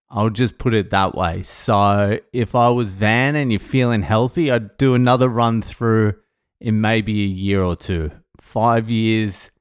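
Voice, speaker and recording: Middle-aged man vlogging, slow and deliberate, swears freely, heartfelt and blunt. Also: lowish voice, no echo, studio quality. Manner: blunt, profane, emotional storytelling. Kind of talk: casual monologue to camera.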